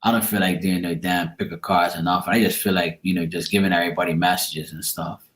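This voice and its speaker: A man with a fairly low voice chats casually with his live-stream viewers as a tarot reader, tired after a long day. He is blunt and teasing and swears freely. The sound is roomy, with a noticeable echo. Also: steady tone, fast talker, a bit bright.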